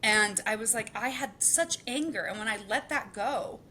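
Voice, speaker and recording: Bright, crisp-toned woman; candid, laughing podcast guest; faint background noise. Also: on the high side, moderate pace. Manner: candid and expressive, laughs often. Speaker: guest, keynote speaker and author. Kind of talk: podcast interview.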